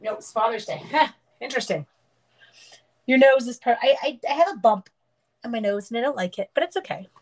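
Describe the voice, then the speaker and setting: A woman's voice: on the high side, fairly quick, long pauses, low-quality recording. A middle-aged woman casually demonstrating card making on a live stream, chatting and greeting viewers by name as she works.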